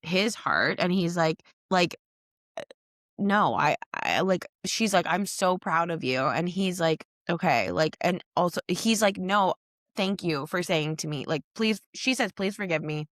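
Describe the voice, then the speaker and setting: A woman's voice: lowish voice, measured pace, no room sound, studio quality. A woman co-hosting a casual recap podcast, retelling scenes and acting out the characters' lines. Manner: animated, acts out characters' lines while retelling. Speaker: podcast co-host.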